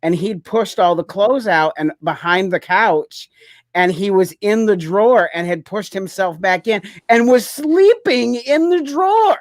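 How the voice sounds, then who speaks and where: A man co-hosting a podcast speaks in a high-sitting voice, a little slow, with no echo. He tells a story in casual chat, rambling and leaning on lots of "like" fillers.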